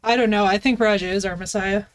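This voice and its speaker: A woman's voice: medium pitch, fairly even intonation, fast, slight background noise. A woman streaming a game live, chatting playfully with her viewers and cooing at her dog. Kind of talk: casual live-stream chat. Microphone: headset.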